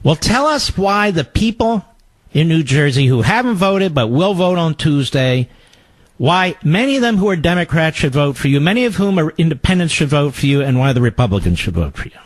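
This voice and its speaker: A man's voice: on the high side, sing-song, fairly quick, no echo. A male radio talk show host interviewing a guest, emphatic and combative. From Philadelphia.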